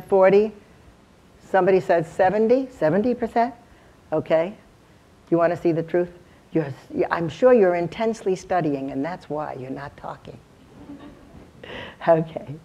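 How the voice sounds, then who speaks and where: A woman's voice: fairly low pitch, warm tone. A woman giving a live seminar to lawyers, engaging the audience with rhetorical questions and demonstrating tones of voice. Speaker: communications consultant lecturing lawyers. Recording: dull lo-fi recording.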